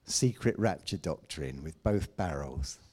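Male preacher, slow delivery, low mellow voice, emphatic sermon with quiet asides. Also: animated, husky. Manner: emphatic, rises to loud declamation then drops to asides.

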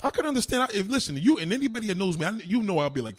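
A man delivering a heated, profane rant to the camera, swinging between low mutters and loud insulting outbursts. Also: very animated, rapid-fire, hardly any pauses, slightly rough.

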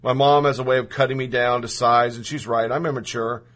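Man, mid-pitched voice, earnest, emotional, reading a personal story aloud. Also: fairly even intonation, a little fast, fairly bright tone.

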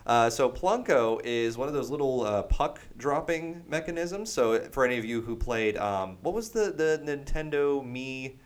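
A man's voice: medium pitch, animated, moderate pace, hardly any pauses. A chatty man hosting a gaming podcast, talking in an ordinary middle register. He sounds upbeat and promotional, rambling along with frequent filler words. The delivery is loose and conversational. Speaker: podcast host. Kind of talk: casual podcast chat.

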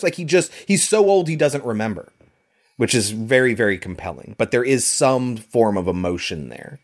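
A man co-hosting a casual film discussion, talking in a relaxed, loose way with plenty of fillers. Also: medium pitch, moderate pace. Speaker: podcast co-host.

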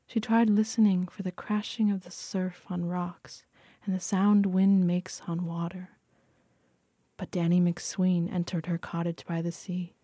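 A woman narrating a story aloud in a quiet, hushed voice that often sinks to a whisper. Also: fairly low pitch, no room sound, clean studio sound. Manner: hushed, frequently dropping to a whisper. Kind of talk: audiobook reading.

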